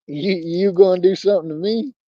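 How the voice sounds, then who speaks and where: A man's voice: high voice, a little fast, no room sound, muffled recording, voice pushed up, natural voice. A man voicing a scoffing, taunting guy.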